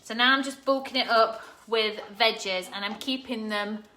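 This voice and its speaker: Woman, cooking vlogger, casual live chat, slightly high voice, noisy kitchen recording. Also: moderate pace, sharp tone. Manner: chatty, laughs often, talks to live viewers. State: teary from chopping onions. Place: home kitchen.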